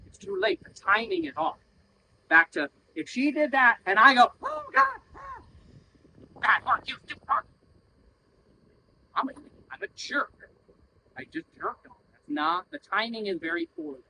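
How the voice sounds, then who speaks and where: A man's voice: very high voice, very animated, moderate pace, creaky, sharp tone, a little hiss or hum, low-quality recording. A man working as a horse trainer, coaching bluntly while riding, swearing freely and acting out little voices to make his point. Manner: blunt, profane, acts out voices to explain. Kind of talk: coaching during a training session.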